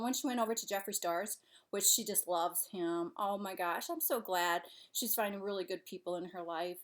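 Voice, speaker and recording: Woman vlogger, chatty and rambling, casual home talk while eating. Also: medium pitch. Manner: chatty, rambling, trailing off and restarting. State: out of breath. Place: her home, kitchen and living room couch.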